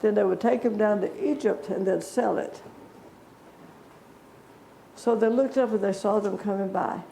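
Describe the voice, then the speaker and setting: A woman's voice: medium pitch, normal speed, gravelly, warm tone, a little hiss or hum. A woman teaching a Bible story to children in a church, chatty and asking them questions. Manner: conversational, asks the children questions. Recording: echoey church room.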